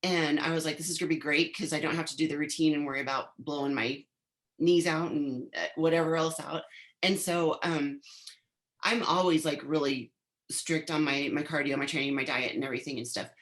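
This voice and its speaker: A woman's voice: low voice, steady tone, brisk. A woman in her fifties, a guest on an interview podcast, telling a long story in a chatty way and often replaying what she said back then. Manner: chatty, replays her own past lines in quotes. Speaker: interview guest, former bodybuilder.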